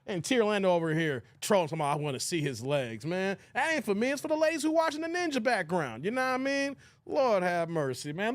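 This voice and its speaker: A man hosting a casual reaction livestream, animated and exclamatory, talking straight to his chat. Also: high-pitched, no room sound.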